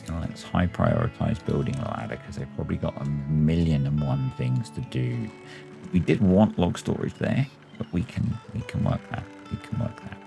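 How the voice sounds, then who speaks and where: A man's voice: very deep voice, gravelly. A man hosting a game playthrough, musing aloud and talking himself through each choice as he plays. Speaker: let's play host. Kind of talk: thinking aloud while playing a city-building game.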